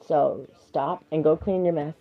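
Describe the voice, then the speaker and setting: A woman's voice: sits low, a little slow, phone-quality sound. A woman streaming live, reading affirmations and firmly but patiently parenting her child in between, laughing often.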